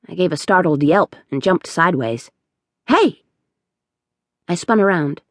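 A woman reading a first-person audiobook aloud in a slow, measured storytelling manner. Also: on the low side, no room sound, clean studio sound. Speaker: audiobook narrator.

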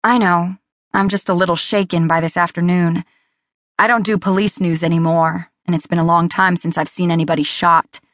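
A woman's voice: fairly low pitch, steady tone, fairly bright tone, no echo, clean studio sound, close to an everyday voice. A woman voicing a wary young reporter. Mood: shaken. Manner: quick, defensive, wry.

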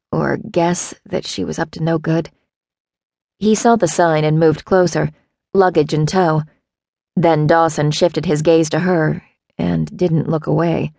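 A woman narrating an audiobook in a wry, even storytelling manner. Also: low voice, creaky, no echo, studio quality.

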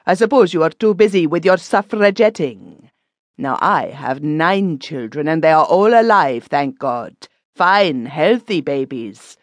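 A woman's voice: deep voice, expressive, measured pace, dry recording. A woman doing a nosy scolding widow. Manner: scolding, preachy. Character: nosy, opinionated German widow.

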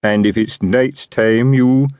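A man's voice: lowish voice, steady tone, slow pace, a little mellow, clear, resonant tone, no echo. A man voicing a pompous, chatty middle-aged watch sergeant. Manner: self-important, expansive.

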